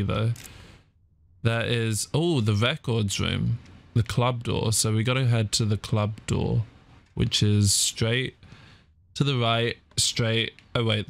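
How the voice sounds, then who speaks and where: A man giving let's play commentary on a horror game, panicky, his pitch jumping high when scared, often saying "fudge" in place of swearing. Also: vocal fry. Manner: swaps swear words for "fudge". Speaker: gaming YouTuber.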